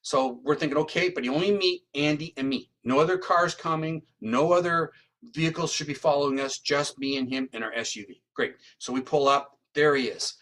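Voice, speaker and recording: A psychic medium and criminal profiler appears as an interview guest, telling a story briskly in a voice on the high side. The retelling is animated, and "right?" punctuates many of his lines.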